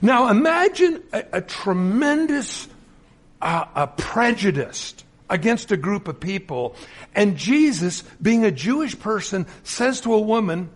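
Male minister, middle-aged, high voice that swoops a lot, acts out anecdotes mid-sermon. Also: measured pace. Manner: animated storytelling with acted-out quotes.

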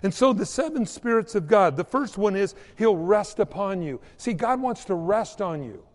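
A man's voice: high voice, expressive, normal speed, big-room sound. A man preaching a sermon, telling stories with quoted voices and asides. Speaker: pastor.

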